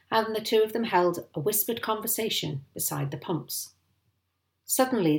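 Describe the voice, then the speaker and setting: A woman reading a children's book aloud in an expressive, animated storytelling manner. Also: medium pitch. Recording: roomy echo.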